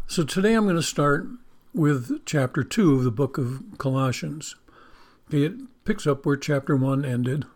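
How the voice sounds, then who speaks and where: A man's voice: fairly high pitch, unhurried, pauses often, darkish tone. A man giving a folksy Bible-teaching sermon, joking about spelling and leading a prayer. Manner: leads a spoken prayer. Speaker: preacher.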